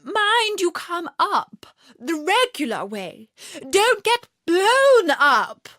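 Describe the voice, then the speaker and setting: A woman voicing the White Queen, a frantic, shrill chess-piece queen who shrieks in breathless cries. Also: very animated, extremely slow, fairly bright tone, no room sound, studio quality, heavily acted. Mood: panicked.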